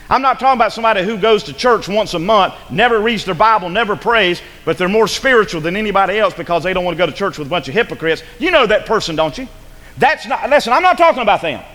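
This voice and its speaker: A man's voice: high-pitched, pushed and bright, in a large hall. A male pastor preaching a sermon in a church, urgent and rhetorical, pressing his listeners with repeated questions. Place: church sanctuary.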